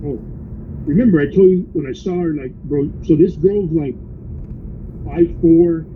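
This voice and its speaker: A man's voice: fairly high pitch, a little slow, phone-quality sound, a little hiss or hum. A man who drives for a rideshare service, casually telling a wild story from inside his car, quoting his riders and saying "bro" again and again. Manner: animated retelling with constant "bro".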